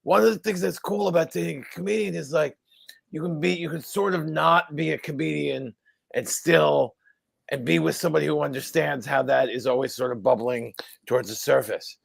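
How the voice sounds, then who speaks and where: A man with an East Coast American accent and a deep gravelly voice, a comedian chatting dryly as a guest. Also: fairly quick, dry recording. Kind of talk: casual interview chat.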